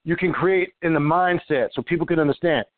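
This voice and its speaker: A man hosting an interview, reacting loudly and prompting his guest to explain things for the listeners. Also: fairly high pitch, a little fast, no room sound, phone-quality sound. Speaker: host. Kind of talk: casual interview.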